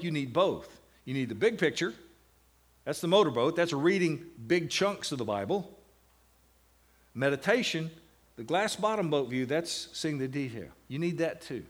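A man teaching a class on meditating on the Bible, slowing down to stress single words and breaking into lively asides. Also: fairly high pitch.

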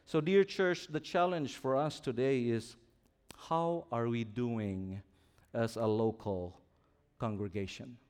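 A male pastor of medium pitch and slightly mellow tone delivers a sermon slowly, his voice swelling and falling to stress ideas. He asks the congregation to repeat words back in call-and-response.

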